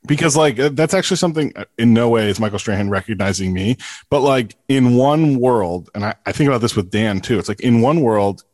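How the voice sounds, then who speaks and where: A man's voice: medium pitch, fairly quick, darkish tone, no echo, clean studio sound. A man co-hosting a podcast, asking a long, rambling, self-deprecating question. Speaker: podcast co-host. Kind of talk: casual interview chat.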